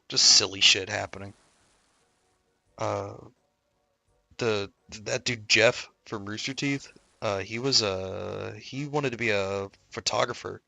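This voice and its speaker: A man's voice: fairly low pitch, creaky, pushed and bright, dry recording. A man streaming who tells stories casually, swearing freely, laughing often and acting out the people he quotes. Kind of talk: casual storytelling chat.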